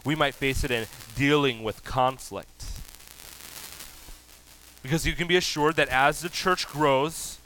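A man preaching a sermon as pastor, animated, rising loud for emphasis. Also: medium pitch, measured pace, long pauses, rough recording.

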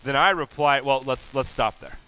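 A man preaching a sermon as pastor, animated, rising loud for emphasis. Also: medium pitch, normal speed, clean tone, faint music behind, poor audio.

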